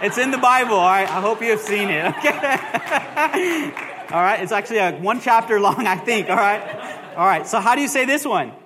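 A man's voice: sits high, lively intonation, moderate pace, a crowd in the background. A male pastor preaching to his congregation in a playful, joking way, quizzing them and saying "all right?" constantly. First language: bilingual. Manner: playful, jokey, asks the congregation questions. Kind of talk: sermon. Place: church sanctuary. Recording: long hall reverb.

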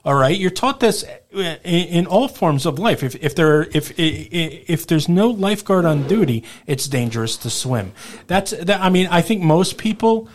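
A man's voice: fairly high pitch, animated, normal speed, hardly any pauses. A man in a casual panel discussion, making emphatic points and asking rhetorical questions.

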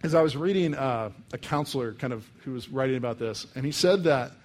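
A young man from the United States preaching a sermon in a casual, animated way, full of "like" and "um". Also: mid-range voice, brisk. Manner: casual and animated, many fillers like "like" and "um". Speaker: pastor. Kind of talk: conversational sermon.

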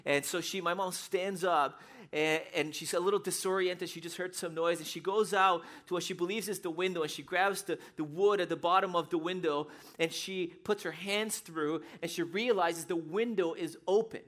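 A man who grew up in Brazil, preaching a sermon and telling a personal story in a lively, animated way. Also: sits high, normal speed. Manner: animated storyteller, acts out scenes with shouts. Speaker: pastor.

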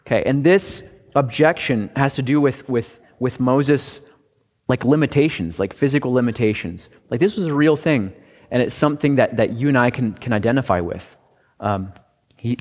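A man giving a sermon in a relaxed, conversational way, stumbling into restarts now and then. His voice sits at an ordinary pitch and rings out with a long reverb. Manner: conversational, halting with restarts and fillers. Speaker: pastor.

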